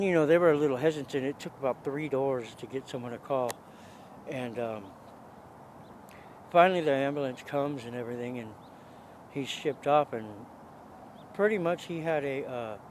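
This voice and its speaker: A man's voice: medium pitch, a little hiss or hum, rough recording. Rambling man telling a street story. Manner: rambling, with many restarts and "dude". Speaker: interviewee telling his own story. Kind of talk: casual spoken storytelling.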